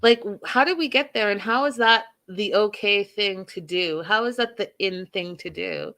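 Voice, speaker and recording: A woman's voice: mid-range voice, normal speed, fairly bright tone. A woman hosting a TV recap, talking emphatically with rhetorical questions and repeated phrases. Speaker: host. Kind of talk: TV show recap and commentary.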